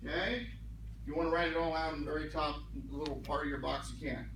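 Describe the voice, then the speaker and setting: A man's voice: a little high, fairly even intonation, fast talker, a bit bright, distant mic, slight background noise. A man teaching a class in a classroom, talking conversationally with joking asides and explaining things word by word. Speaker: class instructor. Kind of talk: classroom lecture. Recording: echoey room miked from afar.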